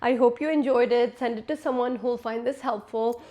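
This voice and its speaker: In a warm, slightly high voice with fairly even intonation, a woman in her twenties talks to camera at normal speed. She's a lifestyle vlogger giving candid, casual life advice in a big-sister style.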